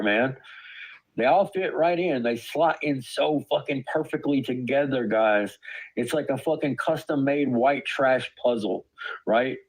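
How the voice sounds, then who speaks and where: Angry and profane, a streamer who is an adult parent rants about online drama, stammering in disbelief. His voice is mid-range, heard on a low-quality recording.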